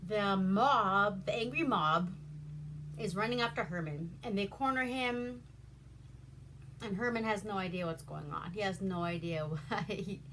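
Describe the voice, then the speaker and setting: A woman from Alaska recaps an old film in a loose, rambling way. She speaks slowly at a middle pitch, swearing casually and keeping a deadpan edge. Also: noisy background. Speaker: host.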